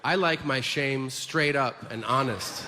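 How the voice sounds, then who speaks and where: A man doing a ranting stand-up bit, acting out voices of fast food workers. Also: medium pitch, bright, forceful tone, in a large hall, a little hiss or hum. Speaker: stand-up comedian. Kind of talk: stand-up comedy set.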